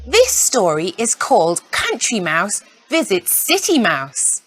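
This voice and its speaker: Woman narrator for a kids' storybook, sing-song and slow, dry close sound. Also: mid-range voice, wildly swooping pitch, fairly bright tone, no echo, faint music behind. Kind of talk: scripted children's story narration.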